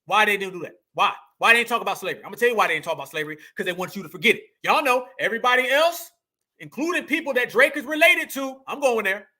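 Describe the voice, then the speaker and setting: A man's voice: sits high, expressive, racing, pushed and bright. A man, hosting an online show and delivering an impassioned commentary monologue, emphatic and repetitive, swearing freely and calling his listeners family. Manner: preachy and emphatic, repeats lines, swears, calls listeners family.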